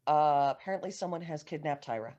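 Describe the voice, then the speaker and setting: A woman playing her character in a tabletop game, blunt and casual, cursing often. Her voice sits somewhat low. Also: animated, quick pace, darkish tone, dull audio. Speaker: player.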